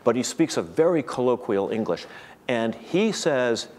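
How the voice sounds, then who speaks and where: A man's voice: mid-range voice, sing-song, unhurried, a little mellow, a little hiss or hum. A man giving an academic lecture to a room of listeners, thinking aloud with frequent restarts and repeated words.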